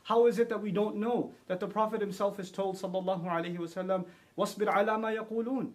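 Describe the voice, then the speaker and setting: High-voiced man giving an earnest sermon. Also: flat delivery. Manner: builds to emphatic, rising delivery when quoting scripture; murmurs honorifics quickly and softly. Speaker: Islamic speaker. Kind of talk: short religious talk.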